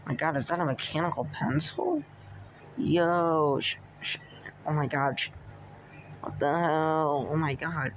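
A man casually narrating a plush skit, excitable and breaking into whoops and cheers. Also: fairly high pitch, unhurried, noisy background. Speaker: plush video maker. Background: music.

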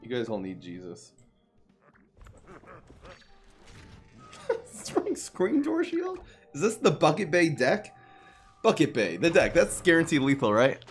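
A young man giving casual live commentary on his card game, excitable and jokey, muttering one moment and loud the next. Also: mid-range voice, normal speed, pauses often, soft background music. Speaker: gaming streamer.

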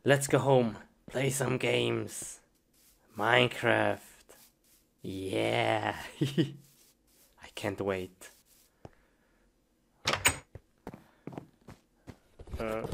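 A woman's voice: extremely low pitch, creaky, heavily acted. A woman voicing Steve, an easily frustrated young man in a homemade game animation, who blurts short exclamations and giggles often. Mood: eager. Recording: noisy homemade recording.

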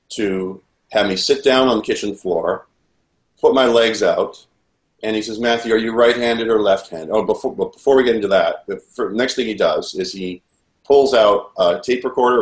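A man as an interview guest, telling a personal story in an earnest, rambling way with frequent restarts. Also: on the low side. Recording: roomy echo.

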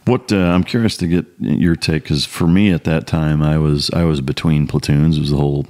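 A middle-aged man, a former SEAL who hosts the podcast, asking questions in relaxed, profane casual chat. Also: rumbling low. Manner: relaxed, profane, quick backchannel yeahs.

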